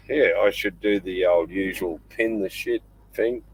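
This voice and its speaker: A man's voice: low voice, measured pace, slightly rough, no echo, low-quality recording. An older Australian man hosting a casual live stream from inside his small boat at night, rambling and chatting in between fussing over his dog. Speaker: livestream host.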